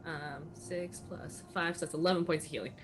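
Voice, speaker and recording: Low-voiced woman playing a tabletop game. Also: steady tone, fairly quick, background noise. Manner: chatty, thinks aloud about rules. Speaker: player. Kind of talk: casual tabletop play. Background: music.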